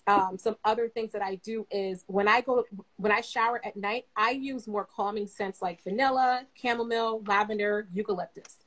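A young adult woman talks through advice in a loose, easygoing manner, often pausing with fillers. Her voice sits at a middle pitch for a woman, and she sounds like a guest on a casual chat show. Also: rough recording. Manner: relaxed, conversational, many fillers. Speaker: guest therapist.

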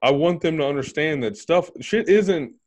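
A man in his thirties hosting a casual chat, blunt and freely swearing, getting animated when retelling stories. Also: on the high side, normal speed. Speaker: podcast host.

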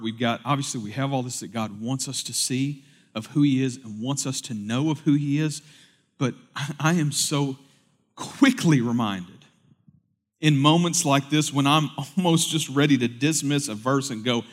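A man pastor delivering a sermon, moving from loud, urgent preaching to quiet, conversational storytelling. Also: medium pitch, normal speed. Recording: long hall reverb.

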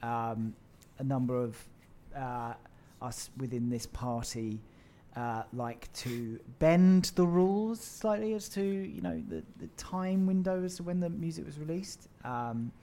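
A man co-hosts a casual chat podcast, speaking at a middling pitch. He talks in sweary, teasing banter with his friends. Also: lively intonation, measured pace, few pauses, warm tone, slight background noise. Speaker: podcast co-host.

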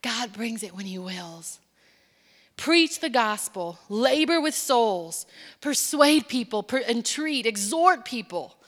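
A woman preaching a sermon in a church, impassioned, moving between hushed, quiet passages and emphatic, building lines. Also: a little high, expressive, takes it slowly, long reverb tail. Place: church sanctuary.

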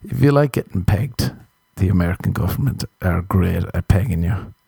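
A man's voice: deep voice, expressive, moderate pace, vocal fry, warm tone, breathy edge, no room sound. A man hosting a podcast, delivering a crude, rambling comedic monologue full of profanity. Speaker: podcast host. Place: Los Angeles.

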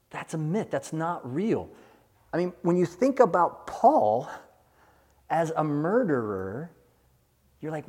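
A man's voice: mid-range voice, sing-song, moderate pace, darkish tone, long reverb tail. A man preaching a sermon as a pastor, building his points in rhythmic lists and acting out imagined prayers.

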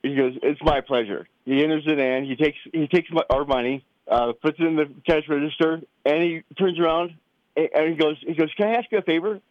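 A middle-aged father telling a family story in a casual, animated way, acting out the voices he quotes. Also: fairly high pitch, fairly quick, no room sound, highs cut off. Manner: animated, acts out quoted voices, many restarts.

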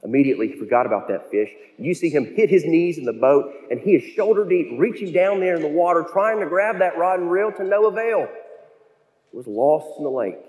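A male pastor preaching a sermon, telling stories and slowing down to stress key phrases. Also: on the high side, expressive, darkish tone. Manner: storytelling, with slow emphatic phrases. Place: church sanctuary. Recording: long church reverb.

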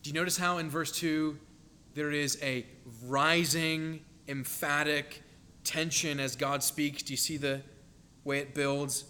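A man's voice: a little high, little pitch movement, measured pace, bright, forceful tone, clear, resonant tone. A man preaching a sermon in an earnest, emphatic way, building dramatic tension when he quotes scripture.

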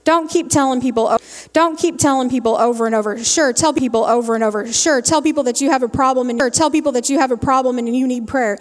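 A woman giving a homespun devotional talk in a folksy way, repeating her phrases as she goes. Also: sits high. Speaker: lay speaker giving a devotional. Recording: long reverb of a large hall.

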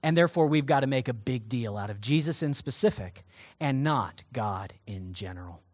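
A male pastor delivering a sermon to his church in an emphatic, energetic way. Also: medium pitch, moderate pace, dry recording.

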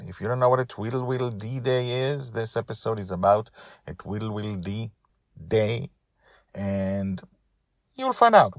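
A man's voice: medium pitch, fairly bright tone, dry recording, clean studio sound. A man who writes and reads his own storybook podcast, talking with eager, rambling enthusiasm. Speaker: podcast author and reader. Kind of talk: storybook narration.

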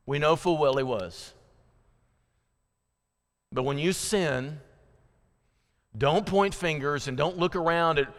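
An American man preaching a sermon as pastor, swinging from loud, rising passion to low, intimate appeals. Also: animated, a little slow. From United States. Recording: hall reverb.

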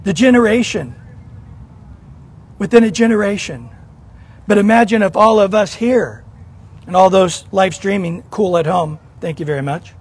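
A man's voice: sits high, normal speed, pauses often, breathy edge. A man preaching a sermon to a church congregation, earnest and questioning, often repeating a word as he starts. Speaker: pastor.

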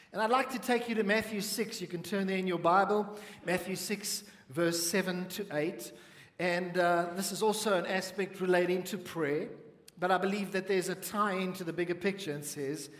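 Slow, high-voiced preaching man. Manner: emphatic, has the congregation repeat phrases. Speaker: pastor. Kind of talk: sermon. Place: church hall. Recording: echoey church hall with long reverb.

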